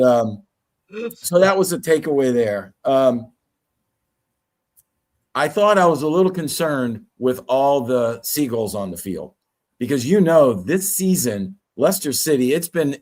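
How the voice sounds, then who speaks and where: A man talks through his match takeaways in easygoing, joking fan chat. His voice sits at a middling pitch, and he delivers it as loose, unscripted banter. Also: a little slow. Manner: jokey, relaxed storytelling. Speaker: watchalong co-presenter. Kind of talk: casual podcast banter.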